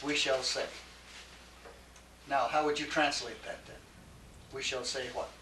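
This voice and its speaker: A man teaching a Greek class, patient, repeating his questions and laughing gently. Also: mid-range voice, fairly even intonation, a little slow. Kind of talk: classroom lecture. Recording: echoey classroom from far off, faint hiss.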